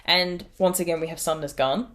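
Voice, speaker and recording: Irish woman, podcast host; easy, meandering, self-mocking chat in a lower register. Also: fairly even intonation, normal speed, a bit bright. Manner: chatty, rambling, laughs at herself. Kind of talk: casual chat.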